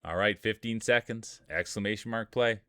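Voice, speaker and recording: A male streamer hosting marble races provides live commentary in a lowish, resonant, fairly bright voice at normal speed. The sound is dry and close with no room sound, and his announcer patter is playful and full of jokes.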